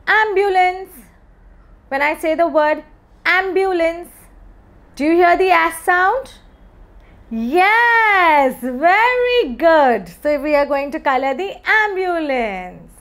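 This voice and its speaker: A woman's voice: sits high, fairly bright tone. A young woman teaching young children phonics, coaxing them along and answering her own questions in a sing-song way.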